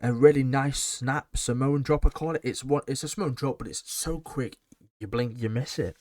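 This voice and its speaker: A man's voice: mid-range voice, normal speed, a little mellow, no echo, clean studio sound. A man giving a blunt, sarcastic and rambling casual recap of a wrestling show.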